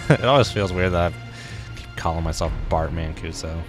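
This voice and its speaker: A man streaming a submarine game, commenting casually, joking and reacting excitably while talking to his chat. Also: low voice, takes it slowly, long pauses. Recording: voice over game music.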